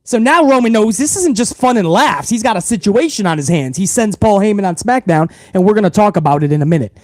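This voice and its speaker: A man's voice: high-pitched, animated, quick pace, dry recording. A man hosting a wrestling livestream, talking casually and profanely straight to his viewers.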